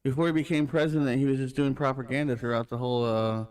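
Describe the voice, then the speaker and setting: A man's voice: medium pitch, steady tone, fast talker, darkish tone. A man co-hosting a casual podcast, bantering and joking. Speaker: podcast co-host. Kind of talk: casual chat.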